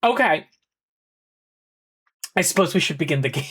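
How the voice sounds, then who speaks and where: A woman's voice: deep voice, expressive, moderate pace, long pauses, breathy edge. A woman streaming a game, chatting in a rambling, giggly way full of fillers and exclaiming at the screen. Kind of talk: casual live-stream chat while playing a game. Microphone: headset. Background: faint game music.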